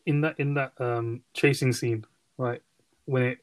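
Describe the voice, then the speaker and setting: A man's voice: medium pitch, steady tone, unhurried, low-quality recording. A man in casual podcast chat, enthusiastic about a film and giggling often. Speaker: podcast co-host.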